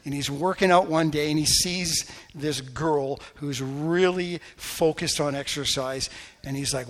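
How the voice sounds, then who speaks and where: A man preaches to his congregation with a slightly high voice, telling stories earnestly and dropping to a soft intensity before praying fervently. His words ring through a large church hall with a long echo. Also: a little slow. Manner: storytelling, earnest, drops to soft intensity and rises in fervent prayer. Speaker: pastor. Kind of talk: sermon.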